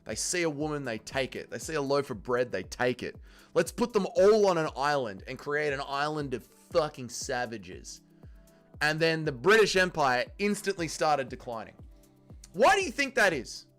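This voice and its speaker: A man's voice: mid-range voice, sing-song, normal speed, fairly bright tone, soft background music. A man hosting a casual watch-along livestream, reading chat aloud and joking crudely, swearing freely. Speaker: livestream host.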